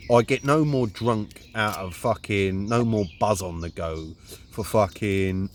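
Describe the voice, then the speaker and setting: A man's voice: on the low side, unhurried, a little hiss or hum. A man with a Luton accent delivering a rambling, indignant monologue, swearing constantly. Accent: English, Luton. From Luton, England. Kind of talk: profane ranting monologue.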